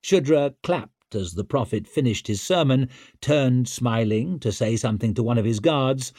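A man narrating an audiobook in a measured, tense way. His voice is husky and mid-pitched, with a dry, close sound and no room around it. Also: a little mellow, no echo.

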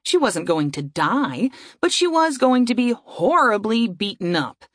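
A woman narrating a fantasy audiobook in a steady storytelling voice. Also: a little high, measured pace, dry recording, studio quality.

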